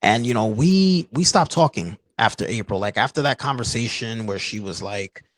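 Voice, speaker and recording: A male podcast host with a lowish, animated voice tells a candid personal story earnestly and haltingly, full of "like" and "you know." The recording is dry and the audio poor.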